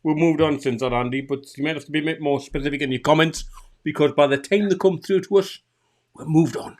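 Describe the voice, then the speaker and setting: A man's voice: a little high, fast. A man with a Geordie accent co-hosting a casual chat, teasing and repeating himself for effect. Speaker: podcast co-host.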